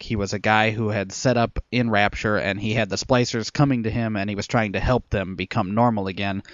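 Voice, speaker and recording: Man, fairly low voice, chatty questions, dull dry recording. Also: no room sound. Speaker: podcast panelist. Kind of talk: casual gaming discussion.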